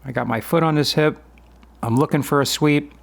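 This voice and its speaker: A man's voice: on the high side, moderate pace, creaky. A man in his fifties narrating and explaining his own grappling sparring footage in a matter-of-fact, conversational way. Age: 50s. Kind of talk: voice-over commentary on a sparring video.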